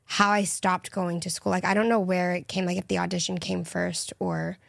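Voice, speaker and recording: Young woman on a podcast, bit of vocal fry, chatty, dry close sound. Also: on the low side, flat delivery, moderate pace, no room sound. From Texas. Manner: chatty, laughing, teasing. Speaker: guest. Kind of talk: casual chat.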